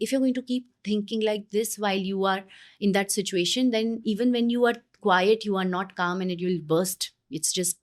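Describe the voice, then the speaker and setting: A woman's voice: medium pitch, brisk. Earnest woman with Indian English accent. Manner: earnest, animated when acting out parent moments. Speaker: parenting guest expert. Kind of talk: explanatory interview talk.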